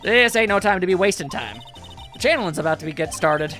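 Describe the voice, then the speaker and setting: A man's voice: high voice, animated, fast, soft background music, heavily acted. A man doing a bubbly Southern gal photographer. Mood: eager. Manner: loud, bubbly, drawled twang. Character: cheerful young Southern woman photographer, brash.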